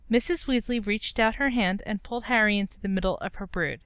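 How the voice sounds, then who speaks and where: Woman narrator reading fan fiction, very smooth, close and dry. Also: medium pitch, brisk, a bit bright, no room sound. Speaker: story reader.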